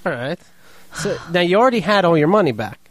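A man in casual chat, making quick, offhand remarks to his co-host. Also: high-pitched, sing-song, fairly bright tone, no room sound.

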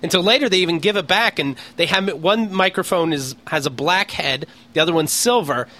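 A man's voice: sits high, fairly quick, pushed and bright. A man from Pennsylvania co-hosting a podcast, telling an exasperated, profane story in casual comedic chat. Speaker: podcast co-host.

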